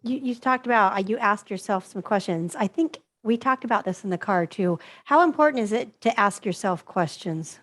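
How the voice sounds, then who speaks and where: A woman's voice: mid-range voice, lively intonation, normal speed, hardly any pauses. A woman hosting an interview, supportive and asking open questions. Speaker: interviewer, host. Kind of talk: conversational interview.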